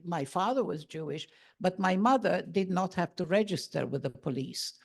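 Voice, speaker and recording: A woman's voice: lowish voice, a little mellow. A woman in her eighties from Hungary, speaking, telling her own memories as a guest speaker in a vivid, storytelling way. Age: 80s. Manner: vivid storytelling, acting out family voices. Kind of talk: personal testimony talk.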